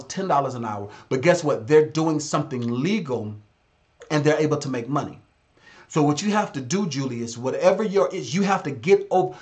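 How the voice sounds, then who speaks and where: A man's voice: a little high, fairly bright tone, a little hiss or hum. A man hosting a casual live stream as a business consultant, talking straight to his viewers in a blunt, direct way. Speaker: livestream host and business consultant.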